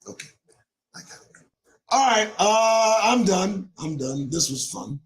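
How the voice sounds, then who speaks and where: A man in his forties, hosting a show, talking to viewers in a preachy, joking way that breaks into shouting, his voice going hoarse. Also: high-pitched, expressive, a little slow. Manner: preachy, jokey, bursts into shouting. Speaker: show host. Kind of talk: monologue to viewers.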